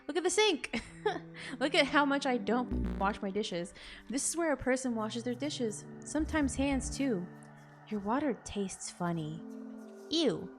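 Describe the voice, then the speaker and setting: Higher-voiced woman reading game text, jokey. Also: unhurried, over music. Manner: expressive, jokey, swings into loud disbelief. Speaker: gaming content creator. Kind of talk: reading game text aloud with reactive commentary.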